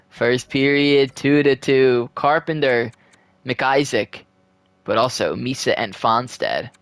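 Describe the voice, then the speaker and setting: A man's voice: a little high, no room sound. A young man giving casual play-by-play commentary on a simulated hockey game from home, swearing and pleading with the game. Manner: excitable, swears, pleads with the game and cheers his team. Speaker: gaming video creator.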